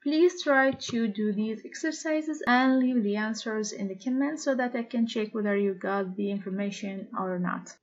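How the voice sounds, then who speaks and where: A woman teaching a language lesson with a slightly high voice, sounding words out slowly and repeating each one. The recording is dull and lo-fi. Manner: slow, deliberate pronunciation with repeated words. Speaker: Arabic teacher.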